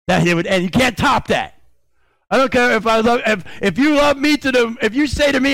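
A man with a very high voice preaches a sermon. He swings from shouted emphasis down to low, chatty asides and voices the people he quotes. The sound is dry and close, with no room echo. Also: fairly quick, vocal fry. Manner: acts out quoted voices of God and of complaining believers. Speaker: pastor.

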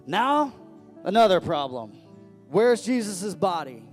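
A man's voice: high voice, sing-song, slow, soft background music. A man preaching a sermon as pastor, talking conversationally and breaking into sudden emphatic rises.

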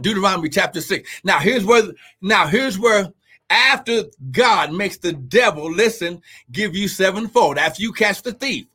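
A man preaching a livestreamed sermon, reading scripture and breaking into fervent shouts, exclamations and call-and-response questions. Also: sits high, breathy edge. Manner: reads scripture aloud and breaks off to exhort listeners.

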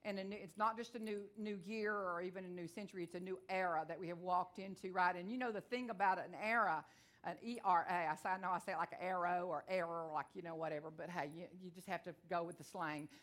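A middle-aged woman from Texas with a country twang, preaching a sermon and telling her own testimony, fast-talking and rising to fervent declarations. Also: on the low side, fairly even intonation. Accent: Texan. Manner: fervent, rises to loud declarations. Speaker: guest preacher.

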